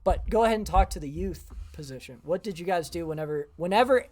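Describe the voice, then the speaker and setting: A man co-hosting a podcast, explaining his old crew duties in a relaxed, casual way. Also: high voice, quick pace. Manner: relaxed, many "um" fillers, laughs easily. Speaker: podcast co-host, former cruise ship sports staff. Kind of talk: casual storytelling chat.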